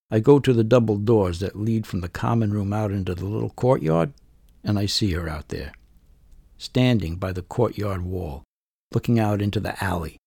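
A man narrates his own story in scripted first person, measured and understated, with a wry edge. His voice is low and gravelly. The recording is dry and close. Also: darkish tone, no echo.

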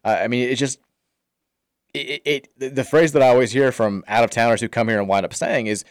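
A man's voice: mid-range voice, fairly even intonation, a little fast, no room sound. Man, sports radio co-host, casual banter, reads listener texts, dry studio sound. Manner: reads listener texts aloud, chatty and self-deprecating.

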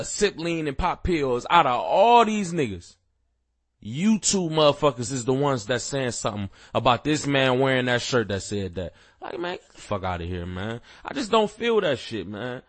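A man's voice: a little high, fairly bright tone, no echo. A man hosting a podcast, ranting casually with heavy profanity and rambling fillers, growing heated. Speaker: podcast host. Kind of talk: casual rant.

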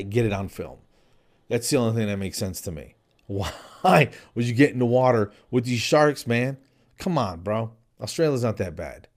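A man hosting his own comedy podcast, telling rambling, animated stories in a casual way. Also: mid-range voice. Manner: animated, rambling, jumps into playful voices for quoted people.

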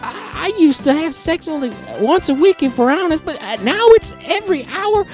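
A man performs a chatty eighty-seven-year-old testimonial voice in a spoof commercial. The voice sits very high and stammers through its claims. Soft music runs underneath. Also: animated, moderate pace. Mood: boastful.

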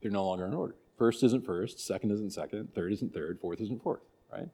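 A man's voice: on the low side, brisk, mellow, husky. A man teaching a church catechism class in a folksy, conversational way, acting out little asides. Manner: folksy, conversational, with many restarts and acted asides. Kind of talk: casual catechism class talk.

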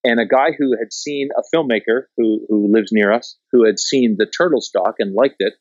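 A man's voice: lowish voice, moderate pace, no echo, highs cut off. A man from Canada, a documentary filmmaker, tells stories casually, swears freely and acts out what people said. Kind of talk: casual storytelling in conversation.

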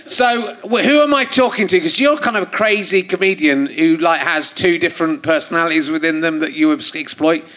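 A man with a slightly high voice, hosting an interview. He feels his way through his questions, restarting and circling before he lands the point. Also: brisk, hardly any pauses, pushed and bright. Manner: hesitant, probing questions with restarts. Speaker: podcast host. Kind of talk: live podcast interview. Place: theatre stage.

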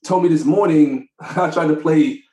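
Animated, laughing father in an echoey room. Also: fairly high pitch, normal speed. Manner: animated storyteller, laughs often. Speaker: podcast co-host. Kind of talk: casual chat.

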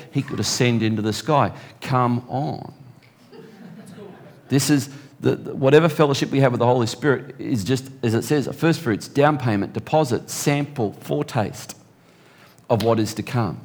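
A man preaching a sermon, reading scripture slowly and deliberately and slipping in joking asides. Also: medium pitch, darkish tone.

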